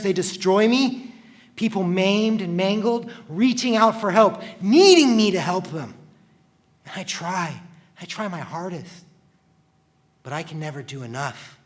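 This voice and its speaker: A man, a firefighter, telling a personal story in the present tense, earnest and confessional, often dropping to a hushed voice. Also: high-pitched.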